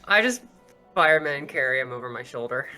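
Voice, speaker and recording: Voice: medium pitch, expressive, fairly quick, pushed and bright, faint music behind. A player in a tabletop game who thinks aloud cautiously, often restarting sentences. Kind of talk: casual chat at a game table.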